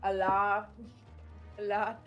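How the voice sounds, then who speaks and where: A woman's voice: medium pitch, little pitch movement, drawn-out words, fairly bright tone, faint music behind. A woman streamer chatting casually while playing, swearing freely and laughing often. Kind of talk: casual game stream chat.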